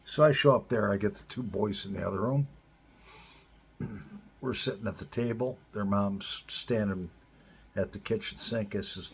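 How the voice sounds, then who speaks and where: A middle-aged man with a deep-set, heavily raspy voice, talking bluntly and profanely to other men. His delivery is a casual advice monologue, direct and plain-spoken, with rough language throughout. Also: unhurried, pauses often. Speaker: advice-giver to divorced fathers.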